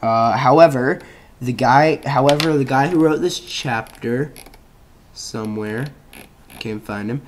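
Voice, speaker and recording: A man hosting his channel, reading a reference page aloud in a halting way, stumbling and restarting words, with offhand asides between passages. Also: medium pitch, slight background noise. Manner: halting reading with frequent restarts and self-corrections. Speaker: channel host.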